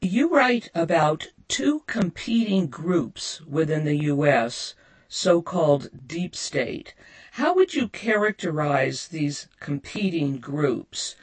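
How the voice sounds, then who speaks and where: Female host, measured and unhurried, lively intonation, breathy tone. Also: deep voice. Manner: slow, measured questioning. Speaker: interview host. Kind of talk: interview questions.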